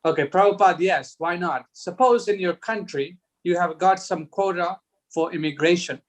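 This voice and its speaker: A man's voice: sits high, moderate pace. Man reading scripture texts aloud. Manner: reads transcripts aloud, chuckles often. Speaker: discussion group leader. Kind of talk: reading aloud and group discussion.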